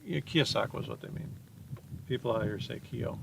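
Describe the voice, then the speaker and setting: A man's voice: medium pitch, moderate pace, creaky, background noise. Joking storm-chaser man in a car. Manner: joking, rambling, plays with place names. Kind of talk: casual chat while driving. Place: inside a car.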